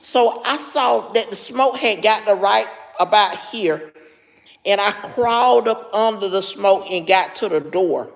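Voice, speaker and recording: A woman's voice: mid-range voice, a little slow, gravelly, long reverb tail. A middle-aged woman with heavy, labored breathing tells a story to her live chat, stopping now and then to answer viewers by name. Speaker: livestream host.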